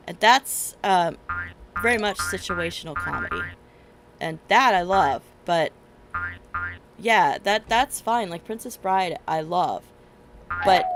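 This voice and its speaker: A woman's voice: lowish voice, gravelly, rough recording. A middle-aged woman streaming a game, chatting in a rambling way and laughing often. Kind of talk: casual chat while gaming. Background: game music.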